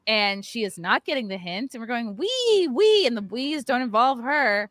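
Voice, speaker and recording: A woman's voice: on the high side, moderate pace, bright, forceful tone, no echo. A woman hosting a podcast, telling a story in casual chat with plenty of swearing and mocking put-on voices. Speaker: podcast host.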